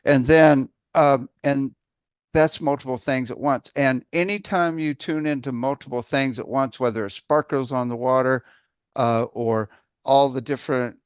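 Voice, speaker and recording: Smooth-voiced man thinking aloud. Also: mid-range voice, normal speed, no echo. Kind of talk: conversational interview.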